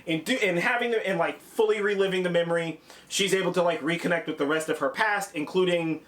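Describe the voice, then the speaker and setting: A man's voice: high-pitched, quick pace, a bit bright. A man co-hosting a review show, recapping an episode in loose, profane casual chat and briefly mimicking characters. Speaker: podcast co-host.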